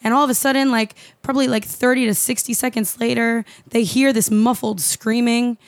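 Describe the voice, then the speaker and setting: A young woman co-hosting a podcast, telling a story in an animated, profane, casual way with lots of fillers. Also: a little high, fairly quick, no echo. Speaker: podcast co-host.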